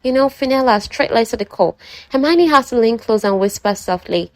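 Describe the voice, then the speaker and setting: A young woman retelling a romance novel in a chatty, animated and dramatized way. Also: fairly high pitch, brisk, no room sound. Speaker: book summary vlogger. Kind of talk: casual story retelling.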